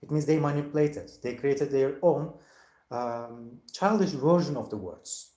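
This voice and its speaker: Animated IELTS teacher in an echoey room. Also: medium pitch, unhurried. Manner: animated, laughs often, mimics slang voices. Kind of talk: mock speaking exam chat.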